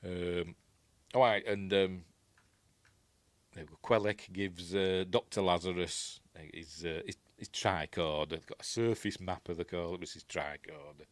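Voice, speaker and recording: A man's voice: sits low, fairly even intonation, moderate pace, dry recording. A man with a Yorkshire accent hosting a casual film commentary, rambling and chuckling as he corrects himself. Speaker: host.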